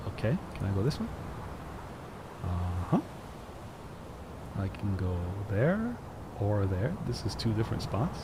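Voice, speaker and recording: A gaming streamer from Quebec gives casual let's-play commentary in a lowish voice over a noisy background. He jokes with his chat and reads the game text aloud.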